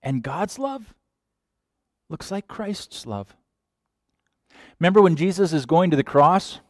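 A man preaching a sermon, animated, sometimes acting out quoted voices. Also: fairly high pitch, takes it slowly, no room sound, studio quality. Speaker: pastor.

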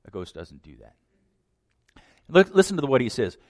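A man preaching a sermon, dramatic, swinging between loud declarations and hushed lines. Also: medium pitch, very animated, moderate pace, no echo, clean studio sound.

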